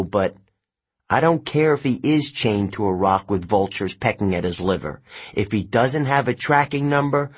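A man playing a calm, overworked courier who talks in an easygoing, slightly weary way. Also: medium pitch, husky. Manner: relaxed and easygoing, a little weary.

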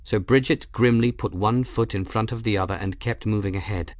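A man reading a novel aloud as narrator, steady and measured. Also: on the low side, no room sound, studio quality. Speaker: audiobook narrator. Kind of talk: scripted narration.

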